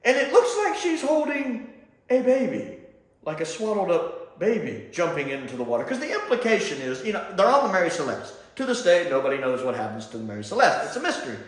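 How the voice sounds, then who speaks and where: A man from Mississippi chatting casually as he reviews a show, lively and laughing often. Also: high voice, a little fast. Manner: animated and chatty, laughs often, does mocking voices. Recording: echoey room.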